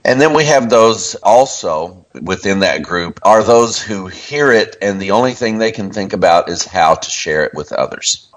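A man co-hosting a casual faith radio show, talking slowly and folksily, often chuckling. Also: lowish voice, lively intonation. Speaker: co-host, ministry leader.

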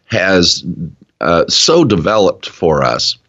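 A man with an East Tennessee accent co-hosting a casual Bible study, talking in an earnest, drawn-out preaching cadence. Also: deep voice, big pitch swings, a bit bright. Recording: dull lo-fi sound.

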